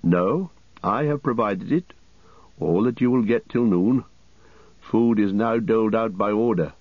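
A man's voice: on the low side, a little slow, no room sound, narrow, tinny audio. A man voicing a stern old male wizard who speaks in a firm, matter-of-fact way.

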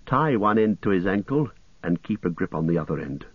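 A stern young hobbit, read by a male narrator, speaks firmly and with measured weight. His voice sits low, and the recording is dry and a little dull. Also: sing-song, breathy edge, no room sound, heavily acted. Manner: firm, measured.

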